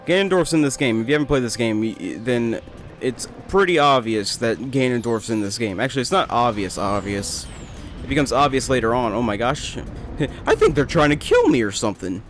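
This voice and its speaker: A man's voice: mid-range voice, lively intonation, a little fast, soft background music. A young man casually commentating his gameplay, rambling, joking and talking to the characters on screen. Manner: rambling, joking, talks to the game. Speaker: let's play host.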